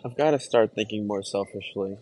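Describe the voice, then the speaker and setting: A young man hosting a podcast, talking to himself in a distressed, halting, brooding confessional monologue. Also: lowish voice, darkish tone. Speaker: podcast host.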